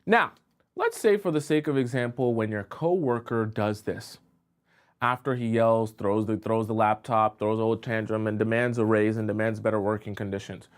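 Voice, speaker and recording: A man's voice: fairly low pitch, moderate pace. Man coaching a live audience. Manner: interactive, checks in with viewers often. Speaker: dating advice coach. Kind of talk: live-streamed advice talk.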